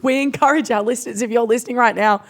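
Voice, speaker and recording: A young Australian woman co-hosting a comedy podcast, swearing freely and joking around. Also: on the high side. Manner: sweary, joking, does quick character voices. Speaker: podcast co-host. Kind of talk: casual comedy podcast chat.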